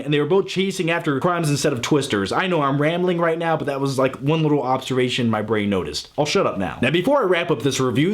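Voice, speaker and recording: Guy reviewing a movie on his channel, voice a bit on the high side, chatty and rambly, swears casually.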